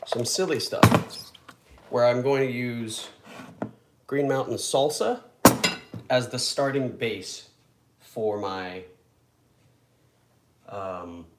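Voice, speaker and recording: This young man draws out his words and leaves long pauses, speaking in a mid-range voice as he cooks one-handed in his home kitchen. The home cook vlogger is chatty, rambling, and self-mocking. Echo and loud background noise mark the recording.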